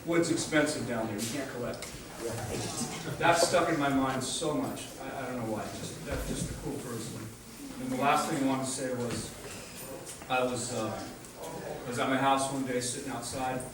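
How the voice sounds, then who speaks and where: A man's voice: mid-range voice, fairly even intonation, normal speed, noisy background. Man giving a eulogy, storytelling, distant mic, big reverb. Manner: storytelling, laughs often, chokes up near the end. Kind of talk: memorial speech with stories. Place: memorial hall. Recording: distant mic in echoey hall.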